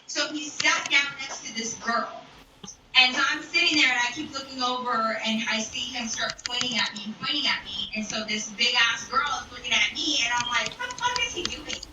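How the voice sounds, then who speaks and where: A woman's voice: fairly high pitch, fairly even intonation, normal speed, background noise. A young woman streaming from home, telling a story bluntly and profanely, sometimes dropping to a whisper. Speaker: live streamer. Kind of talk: storytime monologue. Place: home room. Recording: roomy distant mic with video audio behind. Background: a video playing in another room.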